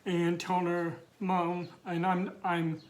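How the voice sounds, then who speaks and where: A middle-aged man tells his own coming-out story, slowly and haltingly. He stumbles over fillers and restarts his sentences, and he is teary as he speaks. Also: sits high, monotone.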